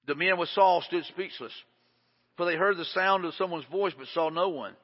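A man's voice: high voice, normal speed. A male pastor preaching a sermon, emphatic and conversational, often repeating himself. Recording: dull lo-fi sound with long hall reverb.

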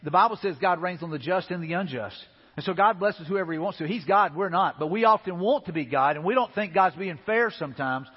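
A man's voice: high voice, brisk, slightly rough, long reverb tail, highs cut off. A man preaching a sermon as a pastor, talking to the congregation in a loose, conversational way with repeated asides. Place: church sanctuary.

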